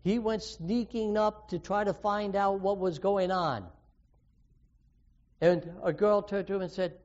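A man's voice: high voice, fairly even intonation, unhurried, darkish tone. A man preaching a sermon, earnest and full of questions to his listeners, with sudden emphatic rises. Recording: dull lo-fi recording.

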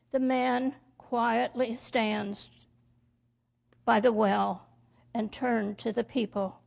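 Slow, creaky-voiced woman storyteller. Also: on the high side, steady tone, a little mellow. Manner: slow, halting reading with slips and restarts. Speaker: children's message storyteller. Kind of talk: reading a story aloud to children. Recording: dull lo-fi recording.

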